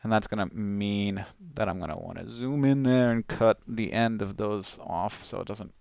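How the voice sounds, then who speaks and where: A man's voice: lowish voice, moderate pace, gravelly, darkish tone, smooth, dry recording. A man casually talking through his own video edit, rambling with lots of fillers and restarts. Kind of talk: casual talk-through while editing.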